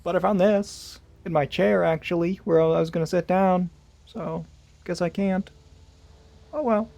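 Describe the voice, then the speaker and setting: A man with a fairly high, steady, slightly creaky and mellow voice chats casually with viewers at a measured pace while gaming on a livestream. He rambles and tosses in jokey asides.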